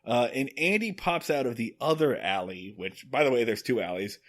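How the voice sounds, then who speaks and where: A man co-hosting a podcast, recapping an old episode in animated, joking storytelling. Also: mid-range voice, moderate pace. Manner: animated storytelling with acted quotes and laughs. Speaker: podcast co-host. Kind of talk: casual chat recapping an episode.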